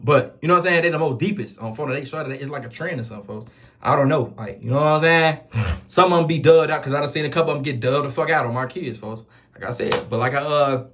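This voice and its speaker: A man with a Chicago accent tells a story in loose, casual street talk. He speaks very quickly in a slightly high voice. He keeps swearing oaths between his sentences. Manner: rapid, animated street slang with repeated oaths. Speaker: storyteller vlogger.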